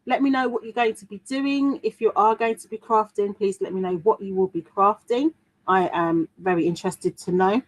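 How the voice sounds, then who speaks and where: A woman's voice: medium pitch, normal speed, rough recording. An adult woman from the UK hosting a crafting livestream, chatting casually and reading out viewer comments with plenty of fillers and restarts. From United Kingdom. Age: adult, mother of a daughter. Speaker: livestream host.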